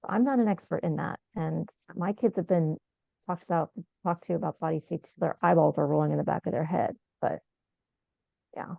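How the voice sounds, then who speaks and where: A woman's voice: deep voice, a little fast, gravelly, dry recording. A middle-aged woman speaking earnestly and with animation on a panel, repeating her points. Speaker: panelist, survivor advocate. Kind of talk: casual panel discussion. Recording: tinny, phone-like video call sound, dry.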